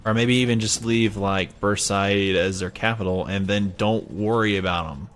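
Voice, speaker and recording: A man with a Southern US drawl chats his way through a strategy game in a lowish voice. He rambles, second-guesses himself and pokes fun at his own choices. Soft music plays faintly behind him. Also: steady tone, moderate pace. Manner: rambling, chatty, self-mocking. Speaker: let's play gamer. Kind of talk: casual gameplay commentary.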